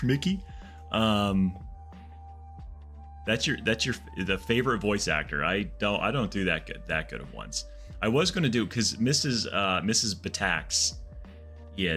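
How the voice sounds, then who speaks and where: Low, bright-toned male streamer. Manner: rambling, animated anecdotes with frequent restarts. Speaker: game streamer. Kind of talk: casual storytelling chat.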